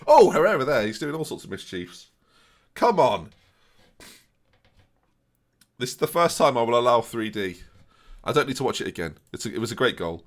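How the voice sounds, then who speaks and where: A young man giving jokey, excitable live commentary on his game and talking to his viewers. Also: a little high, moderate pace. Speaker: gaming streamer.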